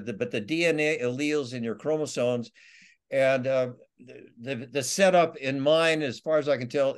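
A man, an author being interviewed, telling his survival stories in a rambling way with many restarts. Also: mid-range voice. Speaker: author and guest. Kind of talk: storytelling interview.

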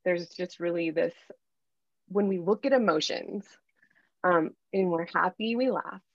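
A woman in her thirties talks candidly as a podcast guest, with animated storytelling. Her voice sounds dry and close, with no room around it. The audio is dull and lo-fi. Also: on the low side, a little slow, no room sound. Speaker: guest, life coach. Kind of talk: podcast interview.

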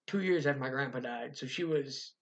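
A man's voice: medium pitch, brisk, highs cut off. A young man co-hosting a podcast, telling profane stories in casual chat and acting out the quotes. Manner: profane, animated storytelling with acted-out quotes. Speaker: podcast co-host.

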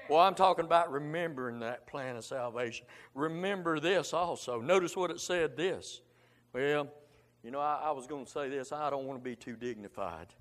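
Fervent preacher in echoing hall. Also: male voice, fairly high pitch. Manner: fervent, colloquial, punctuated with frequent "amen". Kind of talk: emotional Baptist sermon. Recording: long hall reverb.

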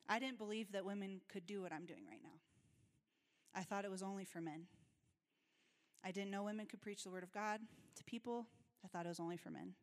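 A woman pastor preaches in an easy, conversational way, earnest and quick to laugh. Her voice sits at an ordinary middle pitch. Long reverb hangs after her words, as in a church hall. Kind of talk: sermon. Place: church sanctuary.

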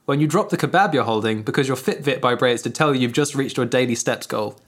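A man's voice: medium pitch, fast talker. A man hosting a casual comedy podcast, joking around and reading out listener prompts. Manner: jokey, laughs often, reads listener prompts. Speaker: podcast host.

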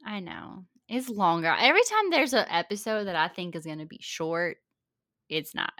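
A woman's voice: fairly low pitch, sing-song, moderate pace, pushed and bright. A woman co-hosting a podcast in casual chat who laughs easily. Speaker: podcast co-host.

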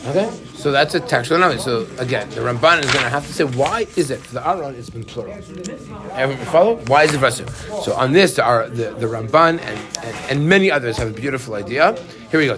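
Animated man teaching a Torah class. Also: medium pitch, quick pace, a crowd in the background. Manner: animated, asks the class questions.

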